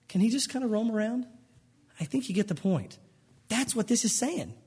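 Animated husky-voiced male preacher. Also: high voice, moderate pace. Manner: animated, acts out little scenes with silly voices. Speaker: pastor. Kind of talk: sermon.

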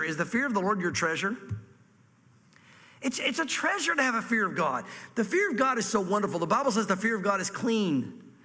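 A man's voice: sits high, lively intonation, pushed and bright. Male pastor, earnest conversational sermon, echoing church hall. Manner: earnest, conversational, stretches scripture slowly. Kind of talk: sermon with scripture reading.

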